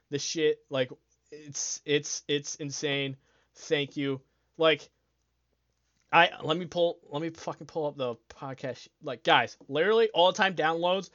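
A man's voice: a little high, fairly bright tone, no room sound, highs cut off. A young man hosting a casual podcast on his own, rambling, swearing a lot and laughing often. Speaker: podcast host. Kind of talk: casual solo podcast chat.

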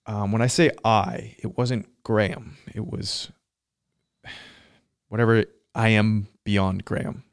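A man's voice: on the low side, steady tone, takes it slowly, vocal fry, clean tone, no echo, studio quality. A man telling a personal story in casual conversation, reflective and searching for words with frequent fillers.

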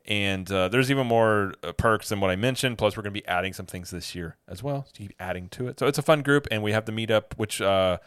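A man in his thirties co-hosting a podcast in a studio, talking in a relaxed, rambling way with lots of fillers. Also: lowish voice, quick pace, hardly any pauses, clean tone, dry recording. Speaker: podcast co-host. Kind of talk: casual chat. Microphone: studio microphone.

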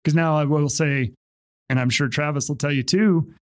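A man who used to be a police officer, chatting casually and acting out his old traffic stops with lively voices. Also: a little high, moderate pace. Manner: animated storyteller, acts out traffic stops. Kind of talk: casual podcast chat.

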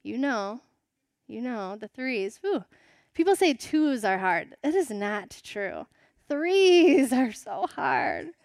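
A woman's voice: fairly high pitch, lively intonation, slow pace, no room sound, studio quality. A woman in her thirties preaching a sermon, telling a family story in a conversational way with rhetorical asides before reading scripture.

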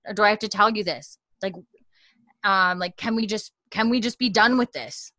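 An exasperated young woman who is fed up with being questioned, pleading in a raised voice, as a woman acts her out in a casual podcast recap. The tone is bright and pushed, and the recording is close and dry. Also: mid-range voice, moderate pace, no echo, voice pushed up, close to an everyday voice.

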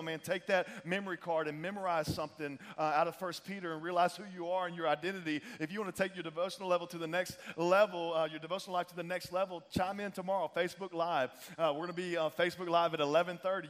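A young male pastor, preaching a casual, animated sermon full of fillers and restarts. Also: high-pitched, long reverb tail.

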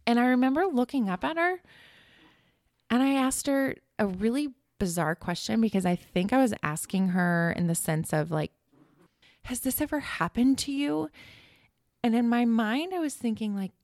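Creaky-voiced woman recounting loss. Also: fairly high pitch, a little mellow, no room sound, clean studio sound. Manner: halting, emotional, reliving the moment. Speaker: guest sharing her story. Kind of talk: personal storytelling in a podcast conversation.

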